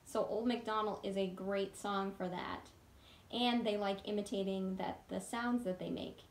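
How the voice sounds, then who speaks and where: A woman who is a children's librarian, gently teaching a sing-along lesson for small children. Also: mid-range voice. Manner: gentle, encouraging, sings with ukulele.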